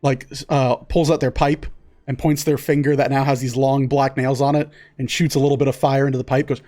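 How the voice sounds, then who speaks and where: A man narrating as game master in a tabletop game, casual and relaxed. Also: mid-range voice, brisk.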